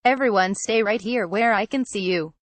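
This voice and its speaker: A woman's voice: mid-range voice, normal speed, no room sound, lightly acted. A worried old fox leader, as a woman reads him. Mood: fearful. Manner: fearful, moaning.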